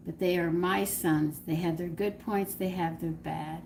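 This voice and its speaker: A woman's voice: on the low side, fairly even intonation, unhurried, few pauses, a little mellow, slight background noise, rough recording. An older woman hosting a cooking channel, rambling through a personal story to her viewers, laughing often and acting out what people said. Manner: chatty, rambling, laughs often, acts out dialogue.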